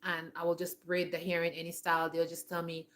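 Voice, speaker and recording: A woman in her forties speaks in a low-pitched voice during a casual, reflective vlog. She rambles a little, often stops to restart her sentences and fills the gaps with loose, everyday words. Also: completely flat delivery, fairly quick, a bit bright. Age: 40s. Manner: rambling, with many restarts and "like" fillers. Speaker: homestead vlogger.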